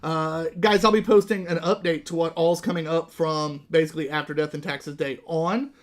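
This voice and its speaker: A man hosting a live beer podcast, chatty and quick to laugh as he rattles through announcements. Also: on the high side, steady tone. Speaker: podcast host. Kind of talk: casual live-show chat.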